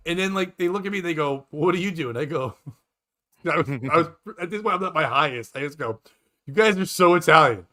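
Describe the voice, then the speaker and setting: A man's voice: on the high side, animated, fast, bright, forceful tone. A man, a stand-up comedian and podcast host, rambling through a story and acting out the people in it. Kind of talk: casual storytelling chat.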